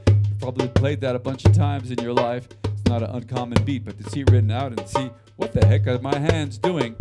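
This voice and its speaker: A man teaching a livestreamed percussion class, chanting drum syllables in rhythm and talking students through the beats in an upbeat, joking way. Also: mid-range voice.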